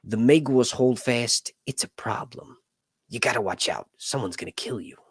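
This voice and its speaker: A man's voice: mid-range voice, normal speed, breathy edge, dry recording, studio quality. A man hosting a casual livestream chat, rambling with lots of fillers and jokes. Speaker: host.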